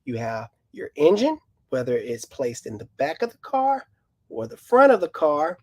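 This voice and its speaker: A man's voice: on the high side, wildly swooping pitch, moderate pace, no echo. A man, a mechanic co-hosting a casual live car Q&A, who explains at length in a folksy way. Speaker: mechanic, co-host.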